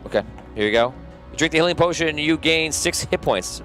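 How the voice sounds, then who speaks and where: A man's voice: a little high, animated, a little fast, a bit bright, soft background music. A man acting as game master, narrating a tabletop game in a loose, amused way and laughing often.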